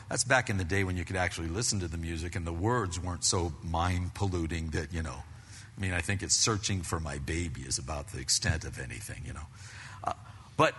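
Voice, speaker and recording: Older guy preaching, laid-back storytelling with slang, bright tone, big echoey church. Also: on the low side, breathy edge. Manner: casual storytelling with slang asides. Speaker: pastor. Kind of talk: conversational sermon. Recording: long reverb of a large hall.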